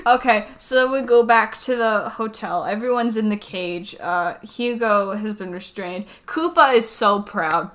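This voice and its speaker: A woman in casual conversation, recapping a cartoon episode and acting out its lines in playful voices. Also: medium pitch. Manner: animated, quick to act out lines in funny voices. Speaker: podcast co-host.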